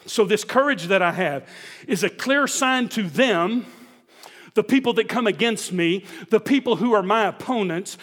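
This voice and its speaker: A pastor preaching a sermon, emphatic and full of rhetorical questions put to the congregation. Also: male voice, high voice, animated, moderate pace, a bit bright, big-room sound.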